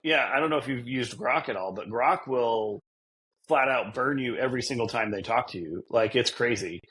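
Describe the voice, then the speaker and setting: Podcast co-host, male, husky tone, rambling and self-deprecating, casual chat. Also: medium pitch, moderate pace, a bit bright.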